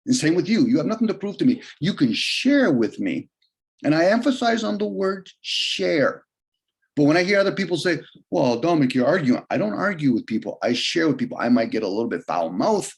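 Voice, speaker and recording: Man holding forth on a video call, loose and argumentative, voice slightly raised in pitch. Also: very animated, fast talker, few pauses. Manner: rambling, argumentative, shifts pitch often for emphasis and quoted voices. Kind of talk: casual rambling monologue on a video call.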